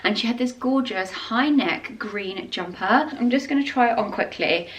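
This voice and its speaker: A woman's voice: on the high side, expressive, normal speed, muffled recording. Gushing woman vlogging at home. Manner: gushing, enthusiastic product chat. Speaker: lifestyle vlogger. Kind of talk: casual vlog narration.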